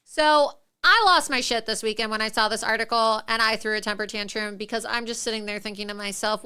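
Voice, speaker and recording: A woman's voice: on the high side, a little fast, bright, forceful tone, smooth. A woman hosting a political talk show, ranting with indignation and laughing mid-sentence. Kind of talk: opinionated political commentary.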